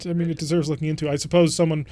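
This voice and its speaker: A man's voice: on the high side, little pitch movement, rapid-fire, warm tone. A man hosting a let's play, chatting casually and thinking aloud as he plays a strategy game. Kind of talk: casual gameplay commentary.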